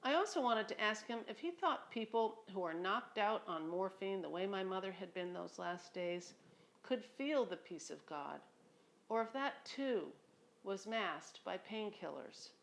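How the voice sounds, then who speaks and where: A woman's voice: medium pitch, animated, a little slow, vocal fry. A woman reading her own memoir aloud at home, in a reflective, conversational way with a dry humor. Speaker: memoir narrator. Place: home near a beach.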